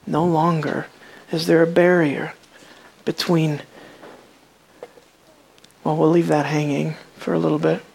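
A preacher giving a sermon, asking the listeners questions, repeating words while thinking, and moving between hushed lines and raised, emphatic ones. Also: mid-range voice, flat delivery, measured pace, gravelly, long pauses, breathy edge.

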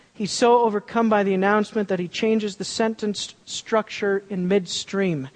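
A preacher delivering a sermon in an animated way, repeating words for emphasis and acting out quotes. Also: medium pitch. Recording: long reverb of a large hall.

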